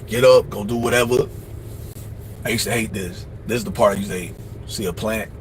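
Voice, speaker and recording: A man hosting a livestream, giving casual life advice in a blunt, profane, preachy way, often mimicking other people in quick asides. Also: fairly low pitch, steady tone, a little hiss or hum. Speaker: livestream host.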